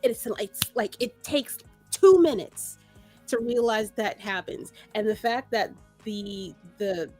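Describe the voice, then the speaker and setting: A woman co-hosting a casual podcast, talking in an animated way with laughs and many restarts. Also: medium pitch, takes it slowly, soft background music. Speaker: podcast co-host. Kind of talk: casual chat.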